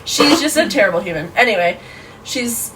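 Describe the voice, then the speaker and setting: A woman in her twenties, a podcast guest, telling a story in a casual, animated way, full of "like". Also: fairly high pitch, moderate pace, distant mic, noisy background. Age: 20s. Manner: animated, lots of fillers like "like".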